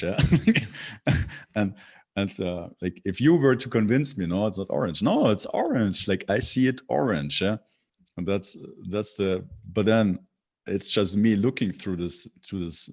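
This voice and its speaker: Low-voiced man, halting and full of fillers. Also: a little mellow. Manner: halting, many fillers and restarts. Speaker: podcast guest. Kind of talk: casual interview chat.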